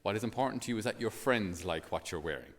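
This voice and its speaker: A man's voice: on the low side, lively intonation, quick pace, long reverb tail. An Irish man, a priest, giving a homily in a chatty, storytelling way with many fillers.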